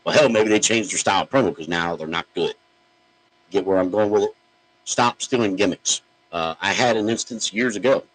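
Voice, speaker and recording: A man's voice: sits low, brisk, a bit bright, rough recording. A man hosting a podcast, ranting in a blunt, profane, mocking way. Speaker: podcast host. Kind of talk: opinionated podcast rant.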